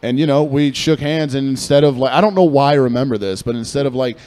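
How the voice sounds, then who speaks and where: Profane, animated man telling a story. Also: mid-range voice, fast talker. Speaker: podcast co-host. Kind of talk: casual storytelling chat.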